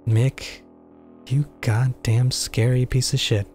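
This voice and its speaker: Young man, let's play commentary, slow delivery, mellow voice, faint music behind. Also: mid-range voice, steady tone, creaky. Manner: mock-horrified, joking, swears a lot. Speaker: gaming YouTuber. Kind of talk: let's play commentary, reading game text aloud.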